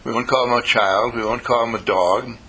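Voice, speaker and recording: A man's voice: medium pitch, steady tone, brisk, sharp tone, slightly rough, poor audio. A man giving a self-help talk, telling stories animatedly and acting out the voices in them. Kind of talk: storytelling talk.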